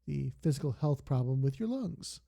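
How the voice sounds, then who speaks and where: A man's voice: mid-range voice, expressive, moderate pace, creaky, dark tone. A young man streaming a game, chatting casually and drifting off into long digressive stories. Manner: rambling, digressive storytelling. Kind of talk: casual stream chat while gaming.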